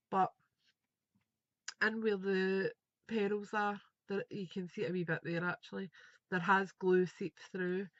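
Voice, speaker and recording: A woman's voice: on the low side, dry recording, highs cut off. Chatty woman crafting aloud. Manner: chatty, thinking aloud while working. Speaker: craft tutor. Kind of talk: live craft tutorial.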